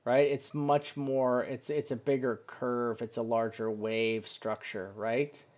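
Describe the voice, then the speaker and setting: A man's voice: mid-range voice, level tone, takes it slowly, a little mellow. Rambling man talking through trading charts. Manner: rambling, self-interrupting, thinking aloud; swears casually. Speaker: crypto chart analyst. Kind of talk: casual live chart analysis.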